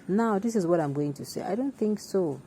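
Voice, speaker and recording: A woman's voice: medium pitch, lively intonation, brisk, mellow, slight background noise. A woman with a Nigerian accent hosting opinionated news commentary in an emphatic, conversational way, full of asides and restarts. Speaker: commentary host.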